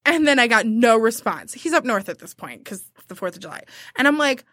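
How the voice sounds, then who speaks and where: A woman telling a story in casual chat, animated and laughing often as she acts out what people said. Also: a little high, a little fast, dry recording, clean studio sound.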